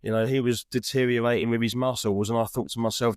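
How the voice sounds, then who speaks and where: Man, podcast host, encouraging, earnest, mid-pitched voice, dry close sound. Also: steady tone, quick pace, smooth, no echo. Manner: earnest, encouraging, with frequent restarts. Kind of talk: reflective interview chat.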